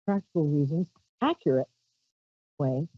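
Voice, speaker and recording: A woman's voice: low voice, lively intonation, measured pace, slightly rough, no echo, lo-fi sound. A woman from Brooklyn hosting a live psychic call-in show, chatty and self-mocking, breaking into squeals of delight. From Brooklyn, New York. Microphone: handheld mic held out.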